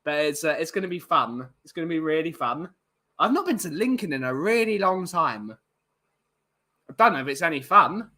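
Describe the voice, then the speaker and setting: A man rambles casually through a live stream, full of ums and uhs. His voice sits fairly high for a man and sounds bright and forward. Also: big pitch swings, normal speed. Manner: rambling, chatty, many fillers.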